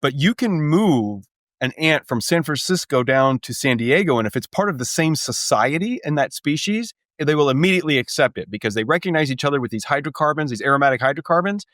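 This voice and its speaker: A man's voice: a little high, lively intonation, a bit bright, no echo. Man explaining science, dry sound. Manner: explains in a measured, lecturing way. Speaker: author and guest. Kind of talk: explanatory interview talk.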